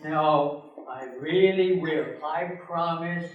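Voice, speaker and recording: A man's voice: a little high, slow pace, narrow, tinny audio. Older man playing a flustered, pleading grown son. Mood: exasperated. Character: grown son, exasperated and placating. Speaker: amateur skit performer. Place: senior center hall. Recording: echoey hall from far off.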